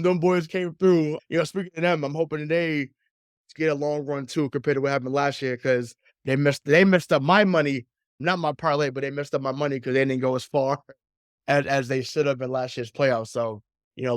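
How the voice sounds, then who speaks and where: Speaking a little high in a steady, clear, resonant tone, a man hosts a casual sports podcast at a brisk clip. His talk is loose and profane, full of laughter and repeated words as he builds momentum. Clean studio sound, no echo.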